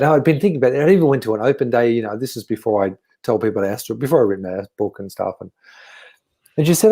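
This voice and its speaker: A male guest in a casual conversation, telling stories in an animated way and acting out the voices he quotes. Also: medium pitch, rapid-fire.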